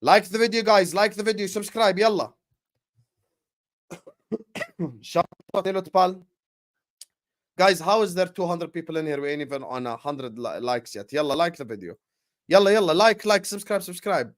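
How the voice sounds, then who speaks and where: A young man hosting a live football watchalong, chatting with viewers and calling the play with slangy, excitable banter. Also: high voice, normal speed, long pauses. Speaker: watchalong streamer.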